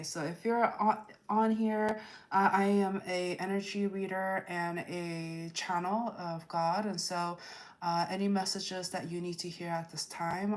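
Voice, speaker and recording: A woman running a tarot livestream speaks in a mid-range voice over slight background noise. Slow and deliberate, she reads out comments from viewers and lays down chat rules firmly.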